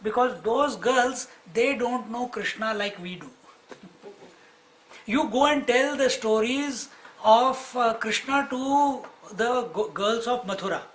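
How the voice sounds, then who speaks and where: A man, a swami teaching scripture in an explanatory, storytelling lecture with frequent pauses. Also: extremely high pitch, fairly bright tone, a little hiss or hum, poor audio.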